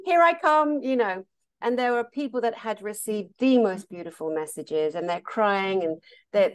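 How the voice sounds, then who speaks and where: A woman therapist telling stories in a casual conversation, animated and laughing often. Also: medium pitch, clean tone. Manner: animated, laughs often, acts out quoted voices. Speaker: therapist and meditation teacher.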